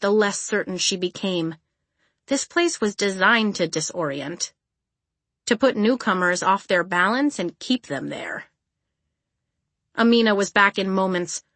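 A woman narrating an audiobook in an even, measured storytelling voice. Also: mid-range voice, dry recording. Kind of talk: scripted narration. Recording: dry close studio recording.

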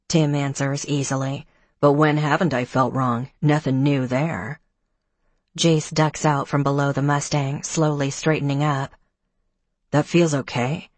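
A woman's voice: low voice, no room sound. A woman narrating a first-person novel as an audiobook, giving each character a slightly raised voice in dialogue.

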